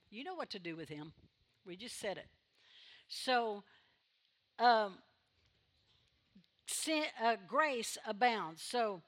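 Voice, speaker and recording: A woman pastor with a bright, ringing voice and a fairly high pitch preaches to her church. She swings between soft, quick asides and sudden loud, emphatic calls to the congregation. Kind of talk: sermon. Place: church sanctuary.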